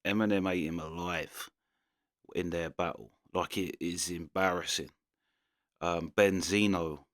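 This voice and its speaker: Hosting a reaction video, a young Londoner delivers loose, wandering casual commentary, frequently restarting and using fillers. His deep voice is steady and a bit bright, at a measured pace.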